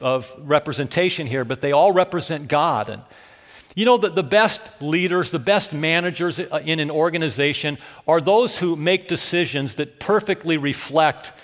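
A man preaching a sermon, telling an animated story and then growing soft and emotional. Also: a little high, big-room sound. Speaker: pastor.

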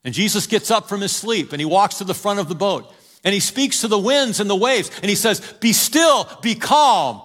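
A high-pitched male preacher delivers a sermon in a storytelling style. He urges his congregation along and swings from near shouts to hushed lines. His voice rings out in a hall with a long reverb. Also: a little fast. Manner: storytelling, urging the congregation, swings between loud calls and quiet drops. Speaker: pastor.

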